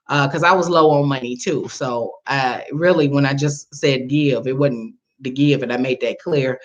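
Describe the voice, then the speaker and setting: Animated woman telling a story, lo-fi. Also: a little slow. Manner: animated, laughing, pitch jumps when quoting others. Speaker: vlogger. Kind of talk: casual storytelling to viewers. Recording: dull lo-fi sound.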